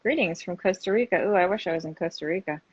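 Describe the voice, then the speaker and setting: A woman's voice: on the low side, fast, highs cut off, crowd noise. A woman actor chatting casually and self-deprecatingly while baking at home on a live stream. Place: home kitchen. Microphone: phone or video call.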